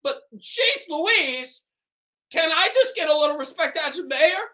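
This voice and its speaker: A man's voice: very high-pitched, expressive, unhurried, sharp tone, exaggerated voice. A man voicing a flustered small-town mayor in an improvised comedy scene, pushy and blustering. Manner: blustering, pushy, tags lines with "huh".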